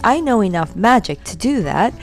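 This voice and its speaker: A woman's voice: medium pitch, sing-song, normal speed, soft background music. A woman voicing a mischievous male goblin who bargains with a grin. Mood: sly. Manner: cheeky, grinning.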